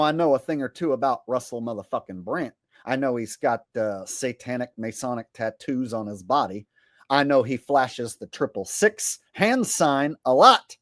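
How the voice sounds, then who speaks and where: A man's voice: medium pitch, fairly bright tone, no room sound. A man ranting to camera as a comedy commentator, blunt, sarcastic and full of swearing. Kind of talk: profane rant to camera.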